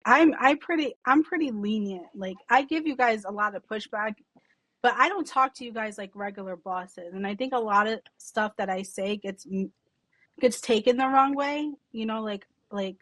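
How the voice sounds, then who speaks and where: A woman's voice: medium pitch, moderate pace, no room sound. Sarcastic, swearing salon boss woman. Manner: sarcastic, animated storyteller, swears freely. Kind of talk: casual podcast chat.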